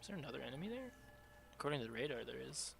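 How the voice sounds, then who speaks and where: A man's voice: medium pitch, very animated, very fast, creaky, over music. A man casually commenting as his friend plays a game, chatty and laughing often. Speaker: guide watching a friend play.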